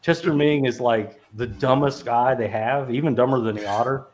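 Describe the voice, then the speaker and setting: A man's voice: medium pitch, moderate pace. A man hosting a podcast, chatting casually about movies, rambling and laughing as he swears freely. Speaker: podcast host. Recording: dull lo-fi sound.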